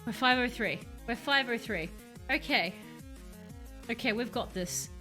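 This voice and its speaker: A woman's voice: fairly high pitch, animated, unhurried, pushed and bright, faint music behind. A woman streaming a horror game live, chatting jumpily to her viewers as she plays at her computer at home. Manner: jumpy, chatty, talks to chat. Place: home room, playing at a computer.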